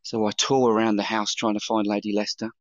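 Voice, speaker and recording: A chef telling long anecdotes in a casual interview, with many fillers and restarts. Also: male voice, lowish voice, flat delivery, quick pace, dry recording, dull audio. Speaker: chef guest.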